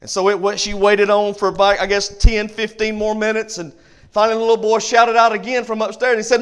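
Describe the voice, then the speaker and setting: A man pastor preaching in a church sanctuary with a high-pitched voice. He builds emphatic, repetitive cadences and rhyming phrases. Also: fairly even intonation, quick pace, clear, resonant tone. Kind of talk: sermon. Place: church sanctuary, also streamed online.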